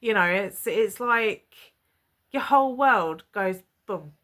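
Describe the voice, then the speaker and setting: A woman's voice: mid-range voice, animated, slow pace, fairly bright tone. A woman, chatting to camera and retelling a personal story with lots of quoted dialogue. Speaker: vlogger.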